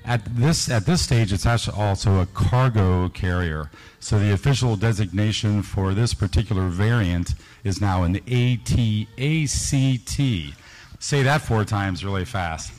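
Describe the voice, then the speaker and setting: A man's voice: measured pace, a little mellow, poor audio. A man presenting new toys at a convention panel, talking with enthusiasm and lots of fillers. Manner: enthusiastic product pitch with frequent fillers. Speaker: toy designer presenting products.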